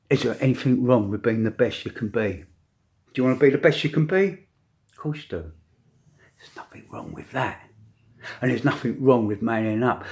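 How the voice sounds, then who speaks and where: Older man ranting to camera. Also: medium pitch. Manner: forceful, preachy, with dramatic pauses. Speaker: vlogger. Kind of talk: opinion rant to camera.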